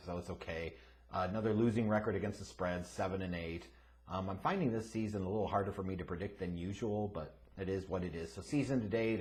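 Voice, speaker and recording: A man hosting his own sports picks show, casual and profane, dropping to quiet mutters and then bursting into loud, unhinged rants. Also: lowish voice. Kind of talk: casual sports betting commentary.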